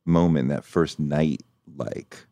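Deep-voiced man asking empathetic questions. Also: steady tone, slow, dark tone, dry recording. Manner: empathetic, searching questions with fillers. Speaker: interviewer. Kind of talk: probing interview questions.

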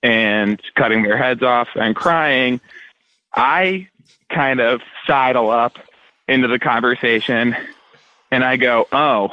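A man co-hosts a comedy podcast with dry, measured remarks at a middling pitch. His audio comes through dull and slightly lo-fi. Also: dry recording. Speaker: podcast co-host. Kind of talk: improvised comedy banter.

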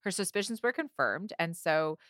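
A woman's voice: on the low side, lively intonation, moderate pace, fairly bright tone, dry recording, clean studio sound. A woman guest on a podcast in casual chat, chatty with frequent fillers. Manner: chatty, laughs often, many fillers.

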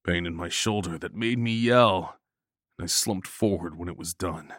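A man narrating a first-person horror story in an intense, steady way. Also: low voice, moderate pace, dry recording, studio quality.

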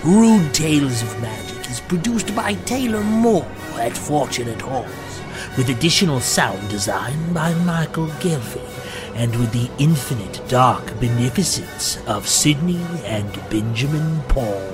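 A narrator reading the closing credits in a slow, measured way. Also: medium pitch, very animated. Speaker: credits announcer. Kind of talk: scripted credits read. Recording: music behind.

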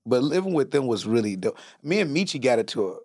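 A man from Chicago's west side, in his forties, telling profane stories in an animated casual chat as a podcast host. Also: medium pitch, quick pace, dry recording, studio quality. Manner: animated, profane storytelling with quoted voices.

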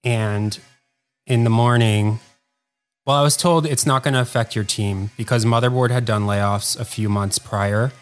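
A man's voice: mid-range voice, steady tone, faint music behind. A man speaking as a guest on a podcast, telling a long story in a rambling, casual way and filling it with "like". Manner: rambling, heavy use of "like", quick bursts. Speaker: podcast guest, former editor.

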